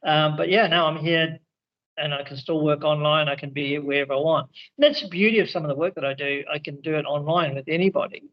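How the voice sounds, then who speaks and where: A man chats over a video call in the evening, his fairly high voice coming through dull and muffled. He rambles, restarting sentences and trailing into fillers as he shares his experiences. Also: quick pace. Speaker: spiritual teacher and regression therapist. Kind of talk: casual video call conversation. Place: indoors in India, evening.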